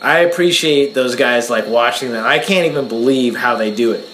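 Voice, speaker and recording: A man's voice: medium pitch, moderate pace, fairly bright tone, roomy sound, slight background noise, rough recording. A man in casual podcast debate, insistent and repeating his points.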